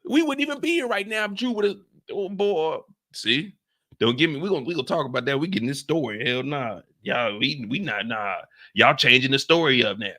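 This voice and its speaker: A man's voice: fairly high pitch, a little fast. A man hosting a live reaction stream, chatting casually, repeating himself and acting out quotes. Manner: animated, repeats lines, acts out quotes.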